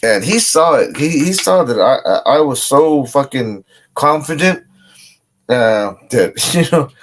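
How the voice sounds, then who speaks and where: A man's voice: medium pitch, animated, measured pace. A man casually telling a boastful street story, swearing often. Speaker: guest.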